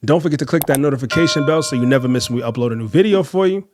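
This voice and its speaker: A man's voice: medium pitch, very fast, a little mellow, a little hiss or hum. A man hosting a podcast who comments on clips and speaks straight to viewers. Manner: direct, addresses viewers as fellas and ladies. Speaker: podcast host.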